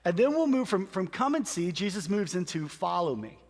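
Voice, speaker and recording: A pastor with a high voice introduces the sermon, acting out quoted lines with animation. A long reverb trails his words, as in a big hall. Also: sing-song, a little fast.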